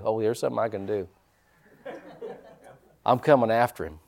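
This male pastor speaks at normal speed in a mid-range voice, leaving long pauses as he preaches. His animated delivery leans on call-and-response, repeated phrases, and joking, down-home asides to the congregation.

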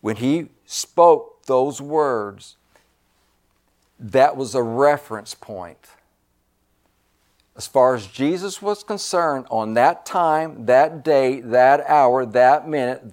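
A man preaching a sermon, emphatic and repetitive, swinging between loud stresses and hushed asides. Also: medium pitch, slow.

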